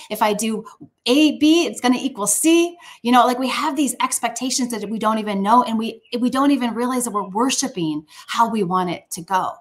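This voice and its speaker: A woman giving a sermon in a conversational, emphatic way, often restarting her phrases. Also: mid-range voice. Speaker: speaker at a church.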